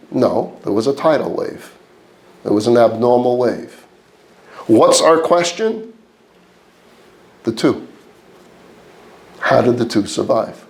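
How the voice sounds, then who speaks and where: A rabbi with a New York accent leads a class in a mid-pitched male voice. He throws rhetorical questions at the room and answers them himself. His delivery stacks repeated phrases into lists as he builds each point. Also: darkish tone. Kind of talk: lecture to a live class.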